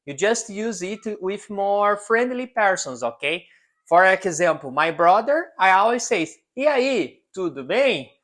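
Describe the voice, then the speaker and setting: A man from southern Brazil with a southern Brazilian accent, teaching Portuguese to beginners in English, drilling words slowly and tagging his points with "okay?". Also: high-pitched, animated, a bit bright. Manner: repeats words slowly for the learner and tags lines with "okay?". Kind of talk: beginner language lesson.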